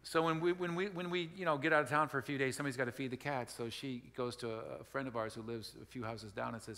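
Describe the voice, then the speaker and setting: Speaking quickly with few pauses, this Wisconsin pastor, a middle-aged man, uses a mid-range, steady, sharp voice. His sermon is chatty and folksy, full of repeated and restarted phrases, and echoes with a long hall reverb.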